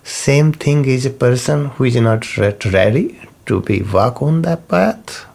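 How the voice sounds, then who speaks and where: Slow gravelly man teaching. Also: mid-range voice, expressive, darkish tone. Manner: unhurried, repeats key terms, non-native phrasing. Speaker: spiritual teacher. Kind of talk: slow spoken teaching talk.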